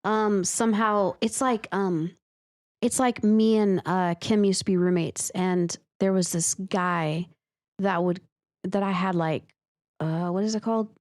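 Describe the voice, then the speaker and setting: A woman's voice: medium pitch, steady tone, measured pace, a little mellow. A woman co-hosting a podcast, chatting casually and telling stories with lots of fillers and laughs. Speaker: podcast co-host. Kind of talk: casual chat about a listener's story.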